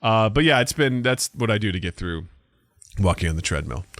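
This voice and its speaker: A man's voice: fairly low pitch, animated, brisk, a bit bright, no room sound, studio quality. A man co-hosting a podcast, rambling and joking in casual chat with some swearing. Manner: rambling, profane, jokey. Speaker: podcast co-host.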